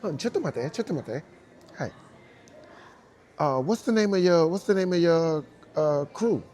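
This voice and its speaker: A man voicing an eager woman event organizer who speaks broken English in quick, bubbly bursts and repeats her words. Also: fairly high pitch, animated, a little mellow, pitched above the performer's own voice.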